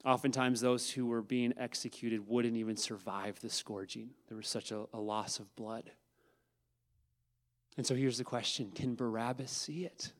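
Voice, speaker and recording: A man preaching a sermon who addresses his listeners as guys and swings from hushed tones to loud emphasis. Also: mid-range voice, fairly even intonation, moderate pace. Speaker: pastor.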